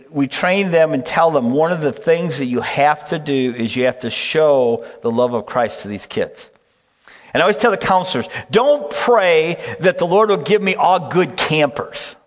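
Man, middle-aged, pastor, folksy storytelling sermon, keeps asking "okay?", medium pitch, long hall reverb. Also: moderate pace. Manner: folksy, peppers stories with "okay?". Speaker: pastor and camp director.

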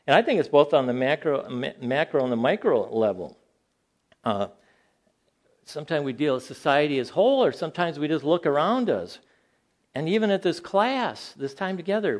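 Older guy preaching to a bible class, fairly high voice, gets loud and squeaky when he's amazed, hushed for asides. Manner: animated storytelling, rises high when incredulous, drops low and quiet for asides. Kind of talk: informal sermon.

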